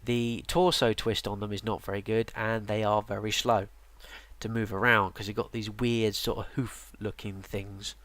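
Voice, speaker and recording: Presenting a casual game tutorial at a moderate pace, a man with a lowish voice, recorded with no echo, walks through a game's units. He sounds tired and yawns, rambling in a relaxed way with frequent ums and restarts.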